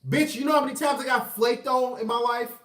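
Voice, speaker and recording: A man's voice: very high-pitched, steady tone, brisk, fairly bright tone. A man ranting in a profane, emphatic, combative livestream monologue. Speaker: vlogger. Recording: echoey room, far from mic.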